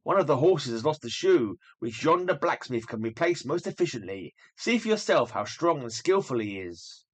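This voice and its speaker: A man's voice: mid-range voice, big pitch swings, moderate pace. A man voicing a mischievous male imp acting as fairy godmother while reading a comic aloud, with grand, old-fashioned, theatrical speech. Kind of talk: comic book read aloud.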